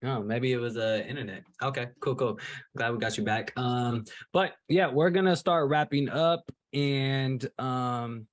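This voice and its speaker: A man hosting a podcast, asking relaxed, chatty questions full of fillers over a video call. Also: mid-range voice, measured pace. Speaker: podcast host.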